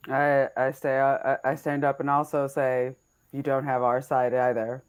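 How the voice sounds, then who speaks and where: A woman's voice: rumbling low, little pitch movement, clean tone. A woman playing a tabletop role-playing game, chatting casually, asking questions and restarting her sentences. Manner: questioning, talks in quick restarts. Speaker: player. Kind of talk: casual play chat.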